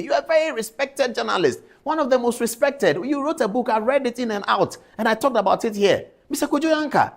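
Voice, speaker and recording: Indignant TV presenter. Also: male voice, very high-pitched. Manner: indignant, addresses people directly by name. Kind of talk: studio commentary.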